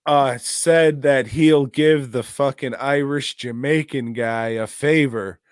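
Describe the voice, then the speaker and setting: A man's voice: medium pitch, steady tone, slow, clear, resonant tone, no echo, studio quality. A man co-hosting a podcast, casually reviewing a movie in a jokey, profane, rambling way. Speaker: podcast co-host.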